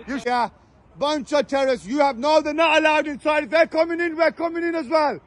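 A man's voice: very high voice, a little fast. A man at an outdoor street protest, heckling opponents with short repeated taunts and then addressing the crowd with a fiery speech. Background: shouting crowd and passing traffic.

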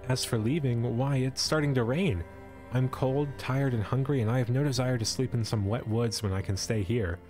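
A man's voice: mid-range voice, normal speed, darkish tone, faint music behind, lightly acted. A man voicing a pushy, demanding young male traveler in a storybook adventure, lifting his voice above his own. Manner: insistent and demanding.

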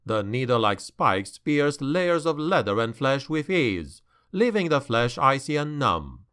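A male audiobook narrator reads dark fantasy with slow, dramatic pacing. His voice is bright and crisp, and his pitch rises and falls freely. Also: sing-song.

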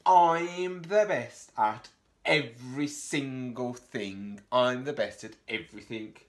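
A man voicing a show-off young male dog in a picture book, who brags loudly and later whimpers apologies in a raised voice. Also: slow, natural voice. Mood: boastful. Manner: bragging, then high and tearful.

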